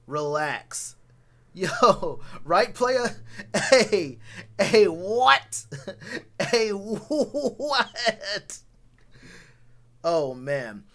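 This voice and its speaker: A man's voice: sits high, very animated, drawn-out words, pauses often, fairly bright tone. A man streaming a casual, slangy sports rant, blunt and repeating phrases for emphasis. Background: talks to a live chat.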